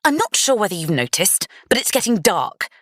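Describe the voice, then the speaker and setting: A woman voicing a defiant, sharp-tongued young bride in an audiobook, speaking in a snappish, challenging way. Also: on the low side, lively intonation, normal speed, no room sound, clean studio sound, pitched above the performer's own voice, close to an everyday voice. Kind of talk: audiobook character reading.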